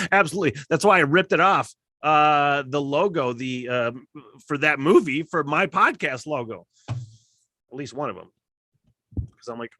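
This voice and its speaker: A middle-aged man from Michigan hosting a casual solo podcast, rambling and swearing, getting worked up and loud at times. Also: mid-range voice, no room sound. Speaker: podcast host.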